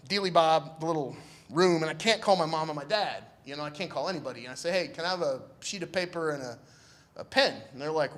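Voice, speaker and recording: A young man tells a personal story to a live audience in an easygoing, joking way, slipping into the voices of the people he met. His voice sits high for a man and swings widely as he acts out each exchange. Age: young adult. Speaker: speaker telling a personal story.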